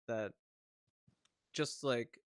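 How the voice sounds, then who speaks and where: A man's voice: mid-range voice, drawn-out words, dry recording, studio quality. A man hosting a casual podcast interview, asking long questions that he keeps rephrasing. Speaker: podcast host.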